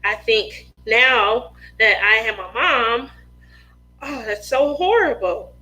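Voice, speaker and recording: A woman, a mother of two, hosting a craft livestream and telling a family story in a lively, laughing way, often acting out other people's lines. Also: on the high side, takes it slowly, rough recording. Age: adult mother of two.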